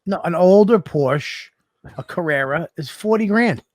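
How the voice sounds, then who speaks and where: A man's voice: high-pitched, unhurried, no room sound, clean studio sound. A man co-hosting a podcast, telling profane stories animatedly in casual chat. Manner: animated, profane storytelling with mock voices. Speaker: podcast co-host.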